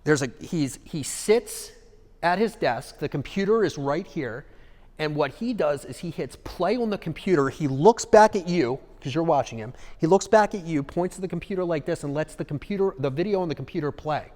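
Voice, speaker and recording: A man giving a live seminar talk in an animated way, acting out examples and checking in with the audience. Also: a little high, moderate pace, in a large hall. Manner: animated, acts out examples, asks the audience "okay?". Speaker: seminar speaker.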